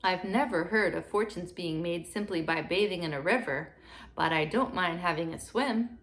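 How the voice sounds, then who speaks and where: A woman's voice: lowish voice, normal speed, a bit bright, faint music behind. A woman reading the part of a poor, bewildered miller's son who speaks in a plain, good-natured way, for a storybook. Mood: bemused.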